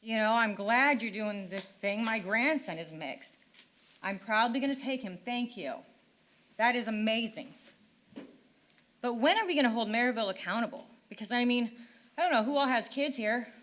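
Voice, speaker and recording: A woman's voice: a little high, expressive, moderate pace, fairly bright tone, a little hiss or hum. A middle-aged woman making an impassioned, frustrated public comment at a town council meeting, pleading with rhetorical questions. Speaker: parent speaking at public comment.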